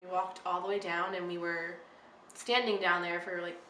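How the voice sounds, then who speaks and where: A woman telling a personal story in a relaxed, chatty way, laughing along. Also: on the low side, normal speed. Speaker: interviewee. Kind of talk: casual storytelling. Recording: roomy, faint background noise.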